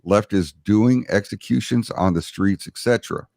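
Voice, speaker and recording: A man's voice: lowish voice, normal speed, vocal fry, dark tone, no room sound, studio quality. A man hosting a casual political podcast, reading out chat comments in a hesitant, filler-heavy way.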